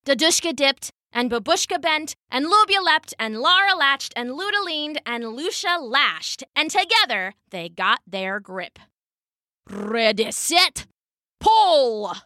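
A woman's voice: high-pitched, sing-song, measured pace, few pauses, pushed and bright, no echo, clean studio sound. A woman telling a folktale for children in a playful, scripted storybook narration.

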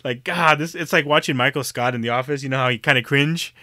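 A man's voice: mid-range voice, quick pace, pushed and bright, no room sound, studio quality. A man chatting casually on a podcast, rambling, swearing freely and laughing often. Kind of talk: casual chat.

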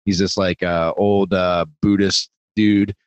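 A man's voice: low-pitched, flat delivery, slow pace, clean tone, no room sound, highs cut off. A man talking casually on a podcast, rambling, swearing freely and poking fun at himself. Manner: rambling, profane, self-deprecating. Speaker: podcast guest.

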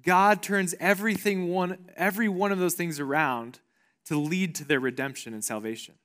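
A man preaching a sermon as pastor, earnest, repeating phrases for emphasis and dropping low and soft on the promises. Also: steady tone, moderate pace.

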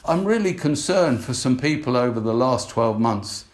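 Older man preaching gently in an echoey room. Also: mid-range voice, animated, moderate pace. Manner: conversational, repeats himself, asks listeners questions. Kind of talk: informal sermon.

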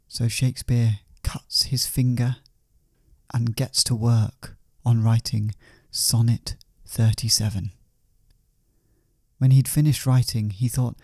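A man narrates a comic tale in a flat, matter-of-fact tone. His pitch is mid-range. The recording is dry and close, with no room echo. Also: unhurried. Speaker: storyteller.

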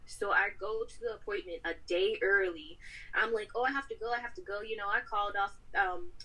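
A woman's voice: mid-range voice, brisk, husky, rough recording. Woman telling a story, acting out voices. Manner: animated, acts out quoted voices. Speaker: podcast guest. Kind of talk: casual storytelling.

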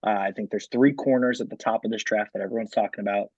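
A man with a husky, slightly rough voice talks sports in a loose, rambling way, dotted with "um" and "like." The sound is dry and a little dull, like a lo-fi home podcast setup. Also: lowish voice, fairly even intonation, quick pace, a little mellow, no echo. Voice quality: frequent filler words and restarts. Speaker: podcast co-host. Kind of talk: casual sports chat.

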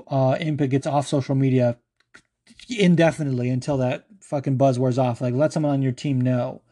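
A man with a mellow, warm-toned voice hosts a podcast and answers fan questions. His talk is loose and casual, full of fillers and swearing. He comes across as enthusiastic and unscripted. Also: mid-range voice. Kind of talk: casual chat.

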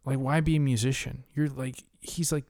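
Man, podcast co-host, gravelly voice, profane rants, dry close mic. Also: mid-range voice, little pitch movement, moderate pace, darkish tone, dry recording. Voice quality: profane, ranting. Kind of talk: casual podcast chat.

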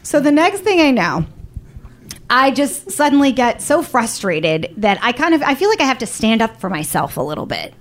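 A woman telling a comic personal story to a live audience, animated, blunt and profane, with a self-mocking edge. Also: on the high side, normal speed, a little hiss or hum.

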